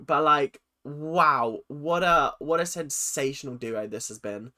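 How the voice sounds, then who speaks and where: A man giving casual reaction commentary. He is excitable and swears often, talking straight back at whatever he is watching. His voice swoops widely in pitch and has a bright, forceful edge. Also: normal speed, few pauses. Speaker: reaction channel host.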